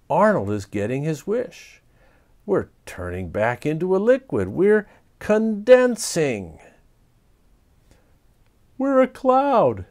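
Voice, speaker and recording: Lively man reading a children's story. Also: mid-range voice. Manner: animated, expressive reading. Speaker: storybook reader. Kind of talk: children's storybook read-aloud.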